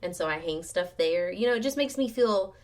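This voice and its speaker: A woman's voice: fairly low pitch, lively intonation, brisk, darkish tone. A woman co-hosting a podcast in casual chat, talking in a loose conversational way with lots of "like" and "right?". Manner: chatty, conversational, often says "like" and "right?". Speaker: podcast co-host.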